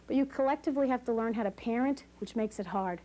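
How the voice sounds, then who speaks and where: A woman leading a postpartum class for new parents, talking in an animated way, acting out quoted voices and laughing often. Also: fairly high pitch, fast. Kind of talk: lively educational talk to new parents. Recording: hissy 1980s VHS recording.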